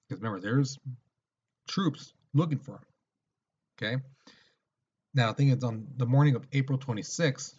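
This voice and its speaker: A man's voice: fairly low pitch, breathy edge. A man teaching history in a casual lecture, retelling events with acted-out quotes and frequent check-ins. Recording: dull lo-fi recording.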